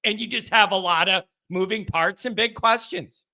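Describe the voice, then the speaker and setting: An excitable man hosts a casual call-in sports show. His voice sits high and rings sharp and bright. He banters loosely and keeps the talk moving. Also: moderate pace. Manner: excitable, reads viewer chat aloud and banters.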